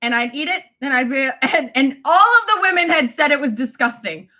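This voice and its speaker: A woman talking to friends in a rambling, animated monologue, laughing often and swearing casually. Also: high voice, fairly quick. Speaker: vlogger addressing family friends.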